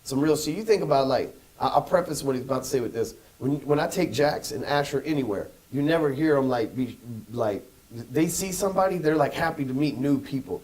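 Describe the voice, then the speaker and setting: A man co-hosting a podcast in casual, profane chat, animated and acting out voices. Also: mid-range voice, fairly quick, few pauses, rough recording. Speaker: podcast co-host.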